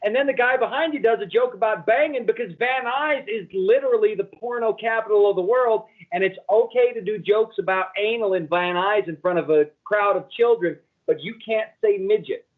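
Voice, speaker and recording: A comedian co-hosting a podcast, telling a crude story in casual chat. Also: male voice, high voice, a little fast, hardly any pauses. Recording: tinny phone-like sound.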